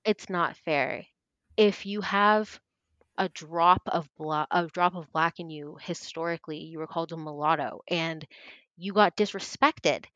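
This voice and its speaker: A young woman in her twenties, a podcast guest telling her story in casual chat, earnest and animated, acting out what others said. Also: sits low, a little slow, no room sound, lo-fi sound. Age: 20s. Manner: earnest, animated, acts out quoted voices.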